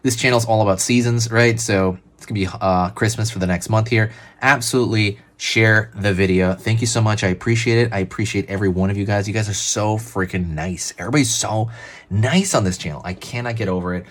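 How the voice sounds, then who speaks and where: A man with a fairly low voice hosts a drawing tutorial. He talks in a relaxed, chatty way, calling out each curve and line as his pen moves. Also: a little fast. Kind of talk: casual step-by-step drawing instruction.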